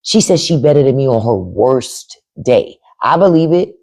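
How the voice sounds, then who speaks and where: Blunt, lively-voiced woman telling stories. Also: very deep voice, moderate pace. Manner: blunt, profane, laughing asides; quotes her elders in put-on voices. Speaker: podcast host on a livestream. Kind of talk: casual livestream storytelling. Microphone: phone or webcam livestream mic.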